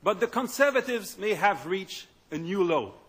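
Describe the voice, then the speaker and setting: A party leader delivers a political speech in a high, bright, slightly husky voice. He speaks emphatically and sometimes repeats words as he searches for them. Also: animated. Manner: emphatic, with halting repetitions.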